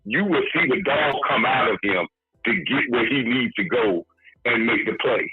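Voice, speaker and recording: A man's voice: mid-range voice, lively intonation, normal speed, dry recording. A man co-hosting a sports podcast, lecturing emphatically on football and repeating his points. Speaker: podcast co-host. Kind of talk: sports talk analysis. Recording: husky phone-like line, faint music.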